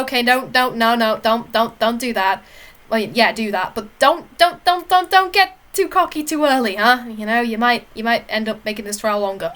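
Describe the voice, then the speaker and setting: A woman's voice: a little high, moderate pace, a bit bright, a little hiss or hum. A woman streamer giving casual, joking game commentary. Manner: joking, self-deprecating. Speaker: let's play streamer.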